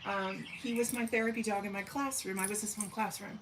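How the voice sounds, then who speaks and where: A chatty woman from southern Missouri hosts a relaxed live stream, answering viewers in a folksy, easygoing way and turning aside to talk to her dogs. Her voice sits at a middling pitch, with a faint hum of noise behind it. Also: fairly quick. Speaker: livestream host. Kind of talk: casual live chat reading comments.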